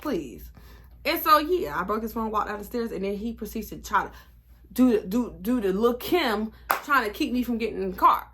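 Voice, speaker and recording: A woman in her twenties telling a storytime vlog in a blunt, animated, profane way. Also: a little high, normal speed. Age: 20s. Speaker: vlogger.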